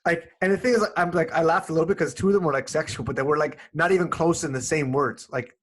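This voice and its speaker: A man hosting a casual podcast chat, telling animated stories and laughing often. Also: fairly high pitch, quick pace. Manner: animated, jumps into quoted voices, laughs often. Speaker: podcast host.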